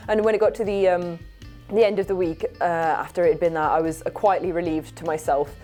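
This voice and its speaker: A young woman tells a story in casual chat and acts out the quotes with lively voices. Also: fairly low pitch, fast, faint music behind. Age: young adult. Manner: animated storytelling with acted-out quotes. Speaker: show panelist.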